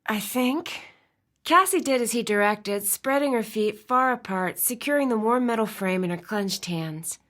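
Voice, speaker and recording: A woman narrating a romance audiobook in an expressive storytelling style. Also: fairly high pitch, normal speed, hardly any pauses. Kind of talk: scripted narration.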